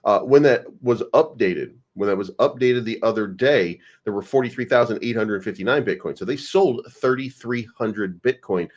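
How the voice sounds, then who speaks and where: A man's voice: mid-range voice, moderate pace, few pauses, lo-fi sound. A man hosting a crypto livestream, rambling and joking with casual swearing. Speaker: crypto live-stream host.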